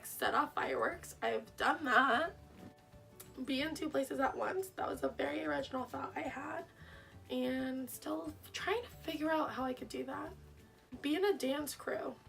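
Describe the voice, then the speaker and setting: A woman's voice: high voice, a little slow, vocal fry, fairly bright tone, recorded from a distance, faint music behind. A young woman vlogger reading her old diary aloud in a casual, self-mocking, wry way, laughing at herself.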